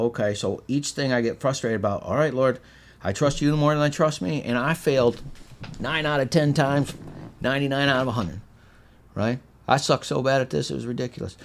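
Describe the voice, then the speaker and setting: A middle-aged man from Michigan, a podcast guest telling a story in a casual, animated way and acting out the quotes. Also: on the low side. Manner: animated storyteller, acts out quotes with swings in loudness.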